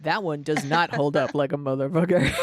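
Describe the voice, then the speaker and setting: Lively low-voiced woman podcast host. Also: moderate pace, a little hiss or hum. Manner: animated, swearing, joking. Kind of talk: casual chat.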